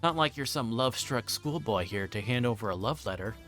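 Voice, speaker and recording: A man's voice: mid-range voice, animated, a little fast, a bit bright, soft background music, natural voice. A man voicing a playful teenage girl who mocks and teases someone in a game read-aloud. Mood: teasing. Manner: playful, mocking.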